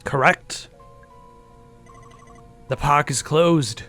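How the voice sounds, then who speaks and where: A man's voice: a little high, extremely slow, sharp tone, exaggerated voice. A sour, unhelpful caretaker speaks with a broad, exaggerated Australian accent, as a man puts him on. He talks in short, dismissive lines for a video game scene, with faint music behind him. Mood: curt. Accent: exaggerated bad Australian accent. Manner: curt, dismissive. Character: grumpy unhelpful male caretaker.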